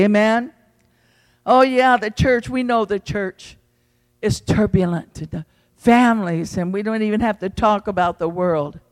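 High-voiced fervent preacher in a reverberant hall. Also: male voice, measured pace. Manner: fervent preaching with big swings in pitch and loudness. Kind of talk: evening sermon. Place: church sanctuary.

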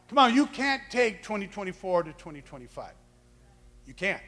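High, bright-voiced male preacher in a reverberant hall. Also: normal speed. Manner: animated, acts out quoted voices, shouts for emphasis. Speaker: pastor. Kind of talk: sermon.

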